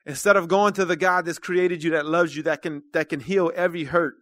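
Man preaching, high voice, bright tense tone, dry close sound, earnest conversational sermon. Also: fairly even intonation, a little fast, no echo. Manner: earnest, conversational preaching that swells into loud calls to the congregation. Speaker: church minister.

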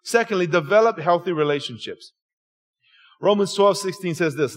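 High-voiced preacher, swinging loud to hushed. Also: male voice, moderate pace. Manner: folksy, call-and-response preaching, swings from loud and lively to low and soft. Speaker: pastor. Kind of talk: sermon.

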